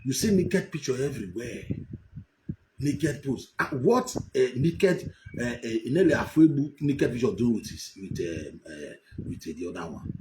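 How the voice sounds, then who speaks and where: A man with a Nigerian accent hosting political commentary, mocking and laughing, sometimes breaking into shouts. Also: medium pitch, very animated, normal speed, noisy background. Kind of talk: animated live commentary.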